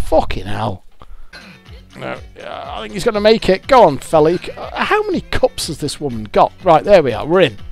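A man's voice: fairly high pitch, gravelly. A British man talks through a game he is playing, and his voice leaps up and down as he curses his bad luck and mocks himself. He swears often and sounds exasperated, and faint game music plays behind him. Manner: swearing, exasperated, self-mocking. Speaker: YouTuber. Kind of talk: gameplay commentary.

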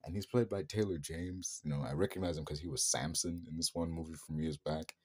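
A man's voice: very deep voice, steady tone, brisk, a little mellow, slightly rough. A man giving a casual, rambling spoken film review, full of slang and swearing. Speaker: movie reviewer.

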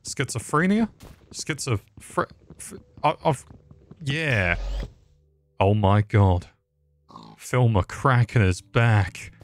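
Lower-voiced young gamer, crude dark humor, loose rambling delivery. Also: male voice, no echo. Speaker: gaming YouTuber. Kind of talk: casual Minecraft commentary.

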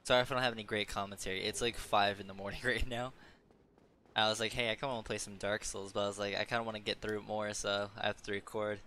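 Young man, gameplay commentary, crisp bright tone, lowish voice, profane mutters, faint hiss behind. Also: little pitch movement, fast. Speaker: gameplay streamer.

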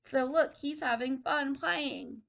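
A woman's voice: fairly high pitch, moderate pace, gravelly, a bit bright. A woman teaching a circle-time lesson to young children, prompting them in a patient, sing-song way, recorded on a laptop microphone indoors. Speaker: preschool teacher. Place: indoor room with a table.

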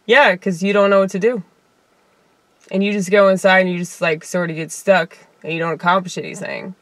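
A woman's voice: on the low side, lively intonation, brisk, no echo. A woman with a Southern US accent, a comedian rambling in a casual monologue with lots of fillers and chuckles. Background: faint piano keyboard playing.

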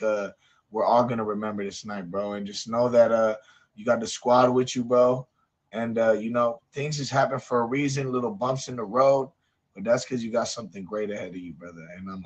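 A man hosting a live stream, talking casually and supportively to his guest, often tagging lines with bro and man. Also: mid-range voice. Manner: warm, encouraging, says bro and man a lot.

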